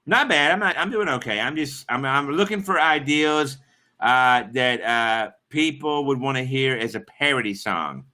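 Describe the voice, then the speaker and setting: A man's voice: medium pitch, expressive, moderate pace, bright, forceful tone. A man chatting on his live stream in a rambling, crude and profane way. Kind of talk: casual live-stream chat.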